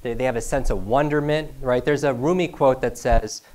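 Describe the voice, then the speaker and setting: A man giving an energetic motivational talk to a live audience as a learning coach, repeating key phrases and often asking "right?". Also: medium pitch, moderate pace. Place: event room with a live audience.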